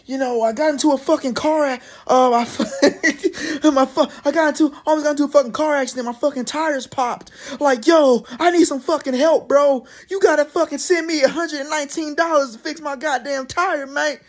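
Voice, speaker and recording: A man's voice: steady tone, moderate pace, few pauses. A man doing a whiny stranded young woman. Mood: mock distress. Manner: high mocking falsetto, laughing and fake-crying.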